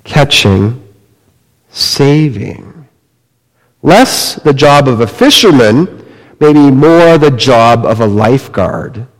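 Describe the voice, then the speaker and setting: A man preaching a sermon, retelling a story slowly and dramatically, dropping to a hush and rising again. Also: medium pitch, big pitch swings. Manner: slow, dramatic storytelling with wide swings in loudness. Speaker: pastor. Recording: long reverb of a large hall.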